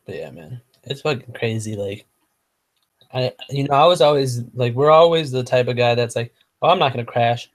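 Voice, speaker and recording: A man's voice: medium pitch, expressive, normal speed. Profane, rambling man host. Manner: profane, rambling, full of fillers; sometimes stumbles over words. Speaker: motovlog host. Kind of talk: casual hangout chat.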